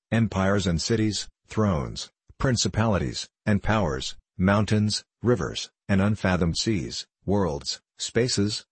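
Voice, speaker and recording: Solemn male narrator, very low, husky, close and dry. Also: a little mellow, no room sound. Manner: solemn, measured storytelling. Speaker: audiobook narrator. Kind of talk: scripted narration of an adventure novel.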